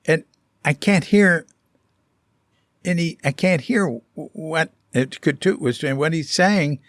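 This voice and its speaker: A man vlogging about his life abroad, telling a casual story in a rambling, halting way full of fillers and restarts. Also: on the high side, a bit bright, dry recording, studio quality.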